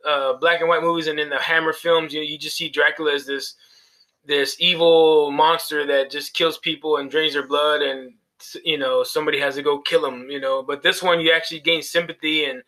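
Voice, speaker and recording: A man talks through horror movies on a podcast in a loose, rambling way. He swears often and laughs at his own jokes. His voice sits a little high and sounds bright. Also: level tone, a little fast, rough recording. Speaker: podcast co-host. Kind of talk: casual chat about horror movies.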